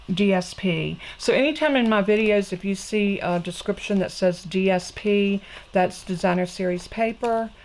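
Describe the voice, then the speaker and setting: A middle-aged woman talks viewers through a craft project in a homey, chatty way. Her voice sits in an ordinary middle range with a gravelly, fry-tinged edge. A faint hiss of background noise runs under the recording. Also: medium pitch, a little mellow, low-quality recording. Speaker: crafting channel host. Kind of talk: casual craft tutorial.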